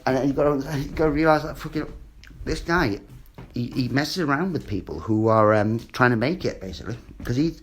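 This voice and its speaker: A man's voice: mid-range voice, a little hiss or hum. A man, ranting in a rambling, sweary monologue and repeating himself. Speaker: vlogger.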